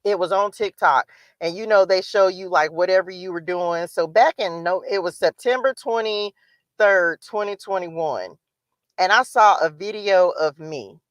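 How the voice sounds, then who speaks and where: A woman tarot reader hosting a casual livestream, animated and chatty, often laughing as she talks to her viewers. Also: medium pitch, normal speed, no room sound.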